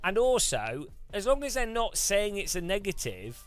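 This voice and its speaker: A man's voice: high-pitched, big pitch swings, moderate pace, faint music behind. A British man hosting a gaming channel, chatting casually to his viewers, joking and laughing as he rambles. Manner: jokey and laughing, mocks foreign languages. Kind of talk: casual chat to a live chat.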